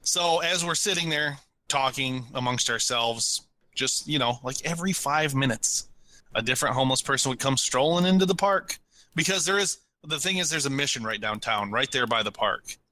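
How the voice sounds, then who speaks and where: A man co-hosting a podcast, telling a story in a casual, animated way and acting out what people said. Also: medium pitch, moderate pace. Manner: animated, laughs while telling stories, acts out quotes. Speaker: podcast co-host.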